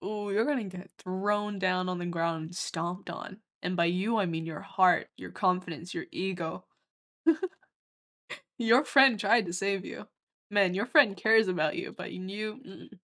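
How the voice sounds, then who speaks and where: A woman's voice: lowish voice, unhurried, fairly bright tone. A woman from Australia giving casual, giggly commentary while playing a game on stream and reading its lines aloud.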